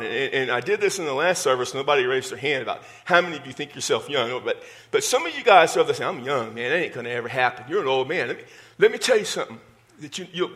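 A man's voice: mid-range voice, a bit bright. A middle-aged man with a Texas accent, a pastor preaching a conversational sermon with self-deprecating humor. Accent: Texan.

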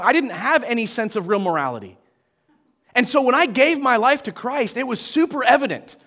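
A man in his forties with a high-pitched voice preaches a casual, conversational sermon in a church. He jokes at his own expense and keeps turning to the congregation with questions and asides. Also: fairly bright tone. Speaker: pastor. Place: church auditorium.

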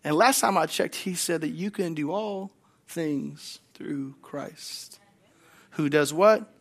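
Guest pastor, man, high-pitched, emphatic, repeats lines back for the congregation. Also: takes it slowly. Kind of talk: sermon.

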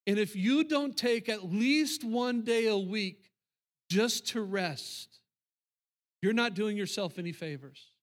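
A man's voice: high voice, slow. A man preaching a sermon as pastor to his congregation in church, emphatic and repetitive. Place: church sanctuary.

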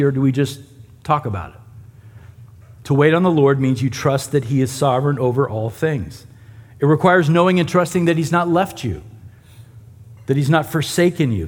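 A man preaching a sermon and teaching a Bible passage in a conversational way, with asides to the congregation. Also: fairly high pitch. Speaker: pastor.

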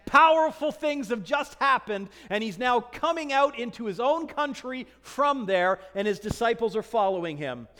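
High-voiced preacher in a reverberant hall. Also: male voice, moderate pace, hardly any pauses. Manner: animated preaching, acting out scripture dialogue. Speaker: pastor. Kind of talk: sermon.

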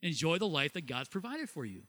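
A middle-aged man from Ohio preaching a sermon as pastor, lively, asking questions and laughing at himself. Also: on the high side, a little fast. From Ohio, USA.

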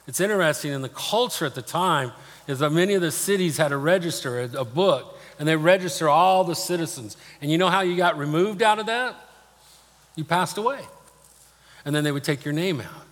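A man's voice: on the high side, brisk, fairly bright tone. A man preaching a sermon as pastor, speaking in a plain, personal storytelling way. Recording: long reverb of a large hall.

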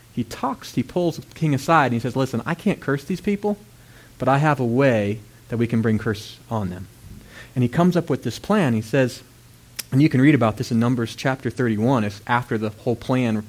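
Man, preacher, sermon, animated storytelling, dramatic outbursts, middle pitch. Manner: animated storytelling, acts out characters with loud outbursts.

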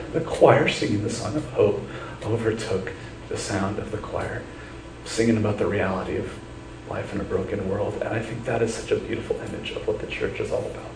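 A man in the pulpit delivers an earnest sermon, his fairly low voice carrying from some distance off the mic. The church around him is roomy and echoing, with a faint hum of ambience underneath. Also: brisk. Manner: earnest storytelling, then leads prayer. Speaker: pastor.

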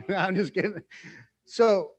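A middle-aged man preaching in a relaxed, conversational way, joking and laughing at himself often. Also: high-pitched, slow pace, breathy edge, faint music behind. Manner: playful, self-mocking, jokes and laughs often. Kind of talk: conversational sermon.

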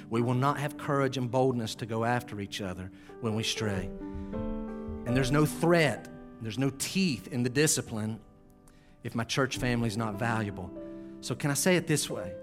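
Earnest preaching pastor, a man. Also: medium pitch. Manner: earnest, pleading, rises to urgent exhortation then drops to hushed prayer tone. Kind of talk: sermon.

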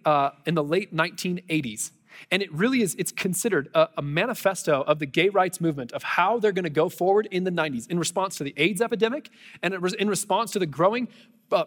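A man's voice: high-pitched, long reverb tail. A man preaching a sermon to a congregation, earnest and conversational, with storytelling asides. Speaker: pastor. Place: church sanctuary before a congregation.

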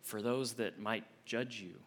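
A young adult man, an associate minister, preaching a sermon with expressive swings from emphatic to hushed. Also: on the low side, measured pace, slight background noise.

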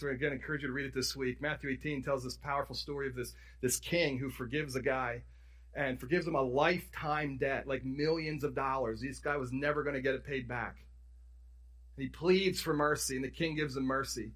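A man's voice: medium pitch, a bit bright, breathy edge. A man preaching a sermon, telling the stories in a conversational, emphatic way with frequent restarts and self-corrections. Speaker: pastor.

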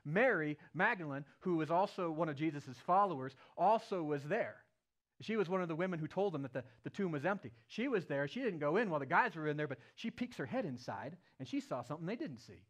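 A man preaching an Easter sermon as a playful, animated retelling with acted-out quotes. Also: a little high, brisk. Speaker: pastor. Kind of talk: storytelling sermon.

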